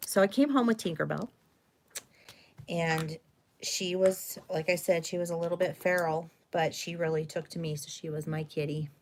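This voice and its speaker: A woman's voice: on the low side, steady tone, normal speed, a little mellow, slight background noise. A middle-aged woman, host of a craft stream, telling a long story in a rambling, chatty way with fillers and self-corrections. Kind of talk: casual storytelling during a live stream.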